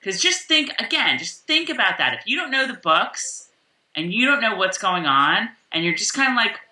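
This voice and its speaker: Woman co-host, very bright and animated, sits back from the mic in an echoey room. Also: mid-range voice, normal speed, distant mic. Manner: animated, rambling with restarts. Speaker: podcast co-host. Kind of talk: casual chat recapping a TV episode.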